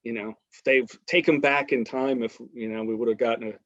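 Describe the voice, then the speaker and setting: A man hosting a podcast interview, asking halting questions full of fillers. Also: mid-range voice, steady tone, fairly bright tone, dry recording. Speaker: podcast host. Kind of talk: casual interview talk. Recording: dry, dull lo-fi sound.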